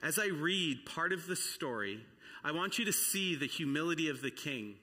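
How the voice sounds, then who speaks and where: A man's voice: fairly high pitch, animated, normal speed, pushed and bright. A man preaching a storytelling sermon, telling the story in an earnest, dramatic way, with a long reverb behind him. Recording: long reverb of a large hall.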